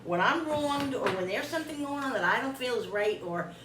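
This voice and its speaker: A woman's voice: a little high, brisk. Exasperated New woman telling a story. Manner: animated, exasperated retelling with quoted dialogue. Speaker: cooking vlogger. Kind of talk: casual storytelling while cooking. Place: home kitchen. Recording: echoey room, distant mic, background hum.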